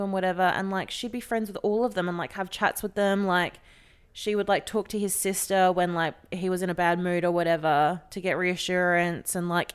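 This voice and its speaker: A podcast co-host with a low, clear, resonant voice tells a story at a fairly quick clip. In casual chat she's an animated narrator who swears freely and acts out quoted voices.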